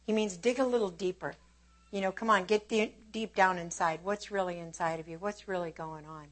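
A woman preaching a sermon with an opening prayer, fervent and emphatic, swinging between hushed and forceful delivery. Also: on the low side, fairly even intonation, fairly quick.

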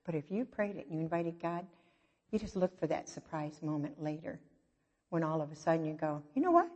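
A woman's voice: deep voice, a little fast. Chatty middle-aged woman preaching in a hall. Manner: chatty, self-mocking storytelling with lively asides. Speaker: church speaker. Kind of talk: conversational sermon. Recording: dull, echoey hall recording.

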